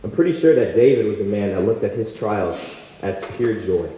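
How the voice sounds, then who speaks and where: A young man preaching a passionate sermon at a campus retreat, telling a personal story with lively quoted voices. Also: fairly low pitch, normal speed. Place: large hall at a retreat. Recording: echoey hall, dull sound.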